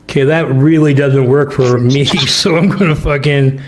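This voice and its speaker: A man's voice: mid-range voice, steady tone, moderate pace, over loud music. A man hosting a livestream, mocking a clip with sarcastic, profane commentary. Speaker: host.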